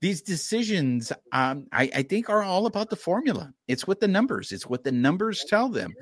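A man hosting a live sports podcast, talking straight to the fans in an animated way. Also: sits high, moderate pace. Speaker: podcast host.

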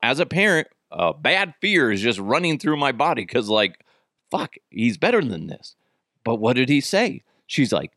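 A man hosting a podcast, telling a story in a casual, profane, animated way, with many restarts and wry jokes. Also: mid-range voice, normal speed, no room sound, clean studio sound. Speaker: podcast host.

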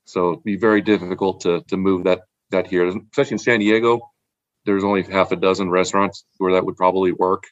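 A man's voice: deep voice, fairly even intonation, brisk, dry recording, dull audio. A man in casual chat, rambling about wine with repeated words and frequent laughs. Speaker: podcast guest, wine collector.

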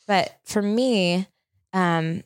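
A woman's voice: mid-range voice, very slow, clean tone, dry recording, studio quality. A woman in her thirties hosting a podcast, telling a personal story in a chatty, open, reflective way. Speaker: podcast host. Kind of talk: casual chat.

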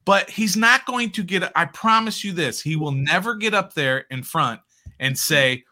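A man with a bright, forceful voice and a slightly high pitch, talking football on a podcast. He rants with emphasis and keeps circling back to his point. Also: lively intonation, measured pace. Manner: emphatic, ranting, mimics others in quotes. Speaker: podcast co-host. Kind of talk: casual sports chat.

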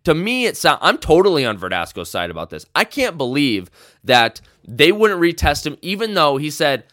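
A man's voice: a little high, sing-song, moderate pace, a bit bright, dry recording, studio quality. A man hosting a solo sports podcast, ranting passionately. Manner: passionate, fired-up rant. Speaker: podcast host.

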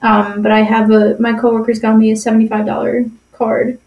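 A woman's voice: on the high side, flat delivery, brisk, lo-fi sound. Young female podcast co-host, blunt and jokey, in an echoey room. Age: young adult. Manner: blunt, laughing, sarcastic. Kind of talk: casual chat.

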